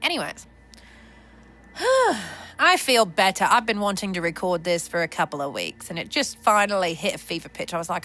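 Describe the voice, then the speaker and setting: Blunt, profane, bright-voiced woman. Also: on the low side, expressive, normal speed. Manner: blunt and profane, trailing restarts. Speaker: podcast host. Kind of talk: unscripted spiritual rant. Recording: faint background music.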